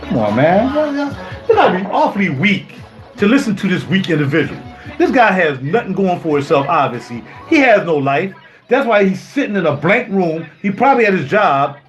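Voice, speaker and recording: Soft music plays in the background as this man in his fifties rants on his live stream from a home music studio. He's a YouTuber with a high, very animated voice at a moderate pace, and he sounds indignant, repeating himself and throwing out rhetorical questions.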